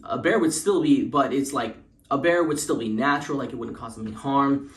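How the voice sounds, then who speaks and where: A man's voice: mid-range voice, brisk, fairly bright tone, roomy sound. A young man telling a parody spooky story in a rambling way, with lots of fillers and restarts.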